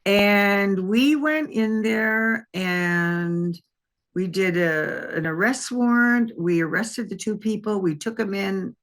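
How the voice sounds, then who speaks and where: Brief: older ex-detective woman from Wisconsin, chatty storyteller, loose and rambling, mid-pitched voice. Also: slow pace, a bit bright. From Wisconsin, USA. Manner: rambling, conversational, frequent restarts and fillers. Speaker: interview guest, former police detective. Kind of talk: anecdotal storytelling in an interview.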